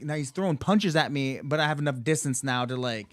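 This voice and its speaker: A man's voice: medium pitch, fairly quick, dry recording. Man, casual storytelling, profane, raises voice for quotes, dry close sound. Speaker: podcast guest or host telling a story.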